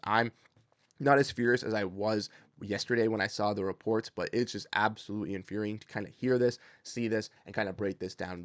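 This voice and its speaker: A man's voice: fairly low pitch, a bit bright, no echo. Fired-up young man, dry close mic. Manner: fired-up, repetitive, many fillers. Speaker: sports commentary host. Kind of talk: casual commentary.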